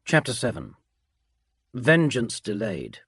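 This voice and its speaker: A man narrates a science fiction audiobook in a calm, measured bedtime manner. His voice is husky yet moves lively through its pitch. The sound is dry and close to the mic. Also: dry recording.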